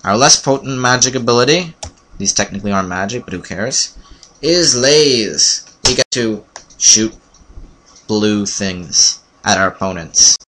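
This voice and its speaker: Bright-voiced man playing a video game. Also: lowish voice, expressive, unhurried, a little hiss or hum. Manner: playful, jumpy reactions, frequent fillers. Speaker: let's play commentator. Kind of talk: casual game commentary. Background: keyboard typing and clicks.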